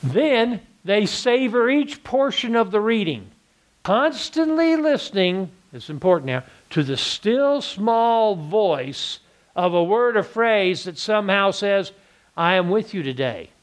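Texan guy teaching bible class, kinda high voice, asks questions then answers em. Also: very animated, slow pace.

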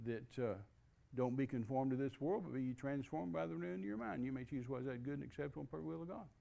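An older man, a preacher, telling a personal testimony in a lively storytelling way and acting out the dialogue he quotes. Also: mid-range voice, fast, gravelly. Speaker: guest preacher.

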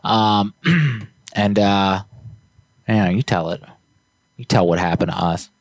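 A man with a lowish voice, co-hosting a casual live show and spinning a story with crude jokes and plenty of "uh"s. The sound is dry and close, with no room around it. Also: slow pace, dry recording. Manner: crude, joking storyteller with frequent fillers. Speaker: podcast co-host. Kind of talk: casual live-stream chat.

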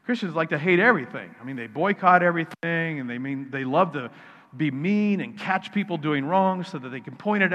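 A man's voice: fairly high pitch, a bit bright. A male pastor preaching a sermon in a conversational, needling way, restarting and repeating words as he goes. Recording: reverberant hall, dull sound.

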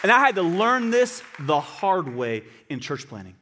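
Man, pastor, sermon, animated delivery, slightly high voice, long hall reverb. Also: normal speed, a faint crowd, a little hiss or hum. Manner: animated preaching, swings from quiet to loud. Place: church hall.

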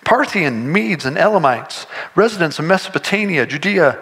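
A man preaching a sermon as pastor, in a conversational, animated way, acting out imagined voices. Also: on the high side, a little fast, few pauses.

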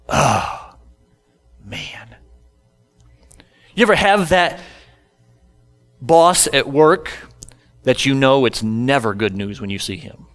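A man's voice: a little high, fairly bright tone. A man preaching a sermon who tells scripture stories and acts them out in casual modern speech. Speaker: pastor.

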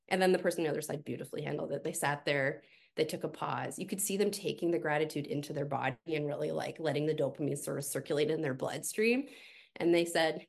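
Low, gravelly-voiced woman coach. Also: fast. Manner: animated storyteller with fillers. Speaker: podcast guest, team coach. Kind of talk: conversational podcast interview.

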